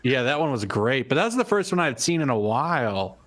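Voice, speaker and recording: A man's voice: mid-range voice, big pitch swings, fairly quick. Easygoing man, faint background noise. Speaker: guest. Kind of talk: casual chat.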